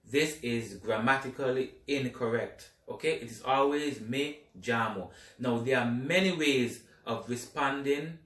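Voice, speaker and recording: A man teaching a beginners' language lesson, talking slowly and deliberately and repeating each phrase for practice. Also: medium pitch, a bit bright. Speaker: Spanish teacher. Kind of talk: slow lesson narration. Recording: echoey room, voice a bit far from the mic.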